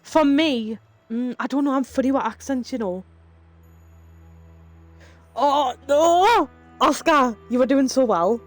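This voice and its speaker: A young woman with a Geordie accent talks to her live-stream viewers in a loose, chatty way. Her voice sits a little high, and she reads chat aloud, drops the odd swear word and laughs easily. Faint music plays behind her. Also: moderate pace. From Northeast England.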